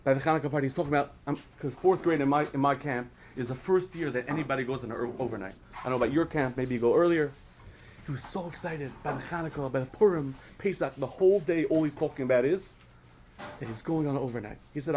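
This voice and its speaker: A man's voice: mid-range voice, fast, a little hiss or hum. A man giving a storytelling lesson to children, asking them questions along the way. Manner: asks the audience questions, animated storytelling. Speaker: speaker at a children's program.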